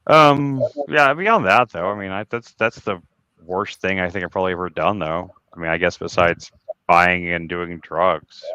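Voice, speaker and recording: Deep and resonant, with a sharp, clear tone, this podcast host in his forties speaks at a moderate pace, though the recording is muffled despite having no room sound. On his casual group show he rambles through confessional stories with lots of restarts, and curses openly as old anger resurfaces.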